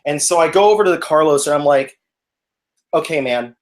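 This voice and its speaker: A young man telling a story in casual chat, animated and laughing, acting out the people in it. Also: a little high, brisk, long pauses. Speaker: podcast guest telling a story.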